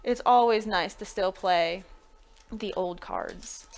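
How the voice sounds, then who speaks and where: Woman host, casual streamer chat, mid-pitched, loose and chatty, laughs easily. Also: slow, gravelly, a little hiss or hum. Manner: chatty, thinking aloud, laughing between remarks. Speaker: live-stream pack opener.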